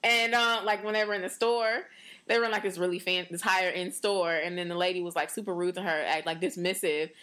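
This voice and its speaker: A woman's voice: fairly low pitch, brisk, smooth. A young American woman co-hosting a casual podcast chat, telling stories and acting out quotes with lots of fillers. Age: young adult. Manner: animated storytelling, acts out quotes in varied voices; frequent fillers like "like" and "you know". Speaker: podcast co-host.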